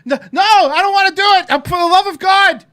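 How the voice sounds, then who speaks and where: A man's voice: very high voice, brisk, pushed and bright, voice pushed up. A man doing a panicking flustered woman. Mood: panicked. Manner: frantic pleading refusals. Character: panicking flustered woman refusing to speak Spanish.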